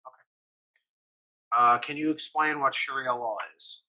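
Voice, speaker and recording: A man's voice: medium pitch, fairly even intonation, a little slow, bright, forceful tone, poor audio. A man hosting an interview, asking short, curious questions. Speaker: interviewer and host.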